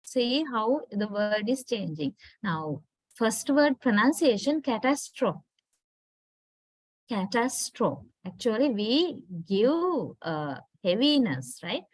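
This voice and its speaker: Slow, careful Sri Lankan woman lecturing. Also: a little high, very animated, dry recording, rough recording. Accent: Sri Lankan English. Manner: slow, deliberate, checks with "right?". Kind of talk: online lecture.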